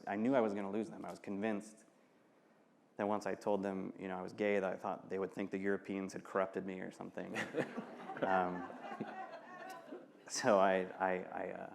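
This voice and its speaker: A man in his thirties from Michigan, speaking candidly and earnestly onstage, often pausing and restarting and laughing between thoughts. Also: low-pitched, gravelly, a little hiss or hum. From Michigan, United States. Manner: earnest, halting, quick to laugh. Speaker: author and guest. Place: festival stage.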